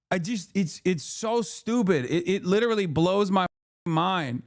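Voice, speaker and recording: This is a man with a fairly high-pitched voice who is in the middle of a livestream commentary. He rants hotly and swears freely while he answers and argues with his chat. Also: expressive, moderate pace. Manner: heated, profane ranting. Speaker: streamer.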